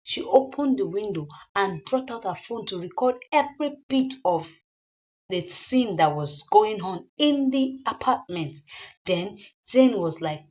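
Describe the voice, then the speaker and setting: A woman's voice: mid-range voice, expressive, unhurried, a little mellow, dull audio. A woman casually retelling a film's plot, rambling with fillers. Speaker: movie recapper.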